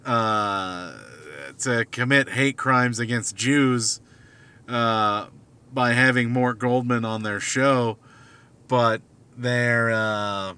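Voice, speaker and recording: A man's voice: mid-range voice, steady tone, drawn-out words, sharp tone, clear, resonant tone. A man rambling casually from his car at night, hesitant, with many fillers and restarts. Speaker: vlogger.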